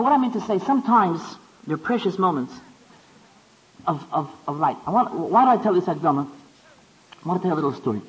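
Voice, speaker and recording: High-voiced man giving a talk. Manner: rising to impassioned pitch, stammering restarts. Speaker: speaker. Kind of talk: Torah talk. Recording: dull lo-fi recording.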